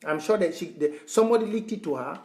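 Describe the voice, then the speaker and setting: Male activist, high voice, impassioned and lecturing, roomy echo. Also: animated, quick pace, a little mellow. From Southern Cameroons. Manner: fervent, repetitive, lecturing. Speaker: online activist. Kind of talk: impassioned address to followers.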